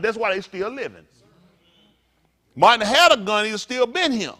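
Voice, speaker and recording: A male pastor delivers a blunt, profane sermon, constantly asking the congregation questions. His voice sits high and leaps up and down. He breaks the preaching with crude joking asides. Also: animated, normal speed, sharp tone. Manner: rhetorical, repeated questions to the congregation. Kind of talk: fiery street-talk sermon.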